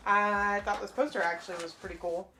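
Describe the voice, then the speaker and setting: A woman's voice: mid-range voice, steady tone, fairly quick, bright, forceful tone, faint music behind. A woman co-hosting a casual collecting video, chatty and enthusiastic, often saying "like". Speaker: co-host. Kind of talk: casual collection show-and-tell.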